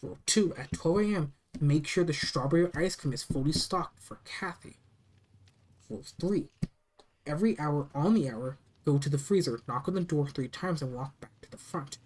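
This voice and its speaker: A narrator reading a first-person horror story aloud, steady and plain, with small restarts. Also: medium pitch, normal speed, rough recording.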